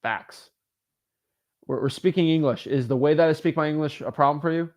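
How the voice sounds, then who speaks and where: A man's voice sitting a little high for his sex, talking in a casual, emphatic livestream style. He coaches real estate wholesalers and fires back answers to viewer comments with motivational punch. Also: a little fast, darkish tone.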